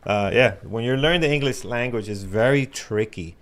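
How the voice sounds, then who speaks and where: A man's voice: mid-range voice, moderate pace, a bit bright. A man whose first language is Spanish, co-hosting a live show and chatting playfully, often laughing. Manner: laughs easily, playful teasing. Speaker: co-host of live trading show. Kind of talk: casual chat.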